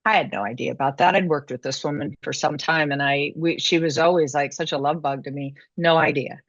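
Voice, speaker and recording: Woman guest, low-ish voice, rambling chatty storyteller, muffled dry remote sound. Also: steady tone, fairly quick, no room sound. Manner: chatty, many "you know" and "like" fillers, laughs mid-story. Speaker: podcast guest. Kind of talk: casual storytelling interview.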